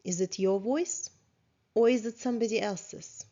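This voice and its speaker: A woman therapist teaches a course through a guided self-reflection lesson, speaking slowly and calmly at medium pitch and asking many questions. As a non-native speaker, she makes small grammar slips. The recording has a slightly dull, lo-fi sound.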